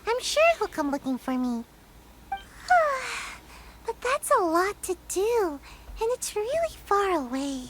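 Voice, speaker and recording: A woman's voice: very high voice, very animated, takes it slowly, very noisy, full character voice. Sayu, a sleepy little ninja girl. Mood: flustered. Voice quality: drowsy, sighing, yawning.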